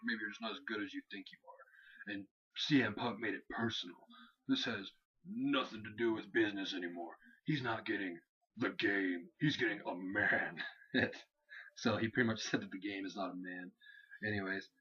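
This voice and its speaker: Husky young man, lo-fi recap chat. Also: on the low side, sharp tone. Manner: rambling recaps, acting out wrestlers' lines. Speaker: co-host of a wrestling review show. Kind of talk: casual chat. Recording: dull lo-fi home recording.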